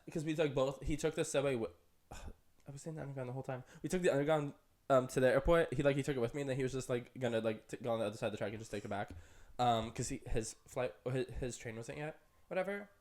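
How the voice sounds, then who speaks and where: A man's voice: medium pitch, expressive, a little fast, darkish tone. Young guy podcasting, rambly, says like a lot, voice jumps way up when he quotes people. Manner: chatty, rambling, full of "like" and "um". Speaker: podcast co-host. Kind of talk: casual chat.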